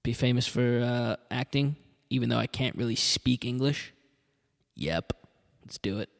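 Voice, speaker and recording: A man doing an impression of a blunt Austrian bodybuilder turned actor, with a put-on Austrian accent and slow, heavy, clipped phrases. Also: mid-range voice, expressive, gravelly, in a large hall. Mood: deadpan.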